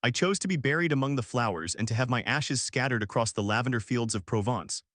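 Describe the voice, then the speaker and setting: A man narrating an emotional story in first person, steady and earnest. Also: medium pitch, fast, no echo, clean studio sound.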